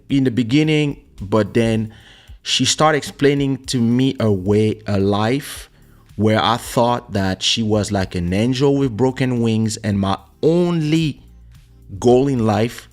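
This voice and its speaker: A man hosting a podcast, talking casually and telling a personal story, acting out the voices of the people in it. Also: medium pitch. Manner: animated storyteller who acts out voices in quotes. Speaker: podcast host and musician. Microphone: studio podcast microphone.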